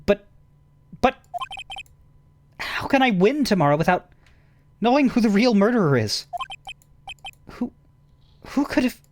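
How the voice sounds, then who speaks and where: A man voicing a young male defense lawyer who stammers and climbs into high, panicked questions. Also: very animated, a little slow, long pauses, slight background noise.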